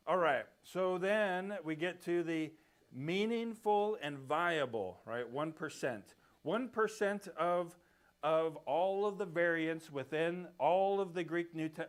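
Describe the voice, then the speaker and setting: Man, Bible class teacher, slightly high voice, casual explainer who keeps checking the class follows. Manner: explains step by step, often checks in with "right?". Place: church classroom.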